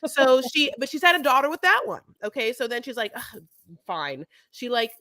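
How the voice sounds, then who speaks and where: A young woman chatting through a reality-TV recap, gossipy and animated. Her pitch swoops all over as she talks. The sound is dry and close. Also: normal speed, no room sound. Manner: animated, gossipy, fond of "honey". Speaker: podcast co-host. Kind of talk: casual reality-TV recap chat.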